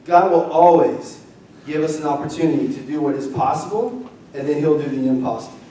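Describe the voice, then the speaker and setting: A young man preaching a lively, conversational sermon as pastor, leading the congregation in call-and-response. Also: a little high, brisk, slight background noise. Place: church sanctuary. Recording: roomy distant church mic.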